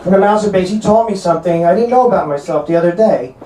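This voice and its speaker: Brash North Jersey comic, high voice. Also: male voice, mellow, a little hiss or hum. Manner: brash, crude punchlines with quick asides. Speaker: stand-up comedian. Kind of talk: stand-up comedy set. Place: comedy club stage. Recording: roomy club with laughing crowd. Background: audience laughter.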